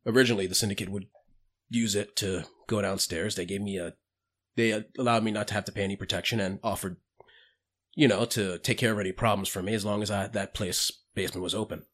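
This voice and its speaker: A man voicing a wary older male bartender who keeps out of trouble, talking low and guarded. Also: fairly even intonation, fast talker, a bit bright.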